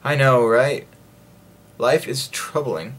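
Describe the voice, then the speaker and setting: A man with a mid-range voice talks slowly while playing a video game, offering rambling, jokey commentary to himself and his viewers. This gaming video host keeps his let's-play chatter casual and sometimes breaks into playful singing.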